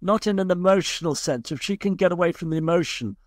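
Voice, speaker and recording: High-voiced man explaining ideas. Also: fast talker, no echo, clean studio sound. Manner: reassuring, explains in long flowing sentences. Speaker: guest scientist and author. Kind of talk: explanatory podcast interview.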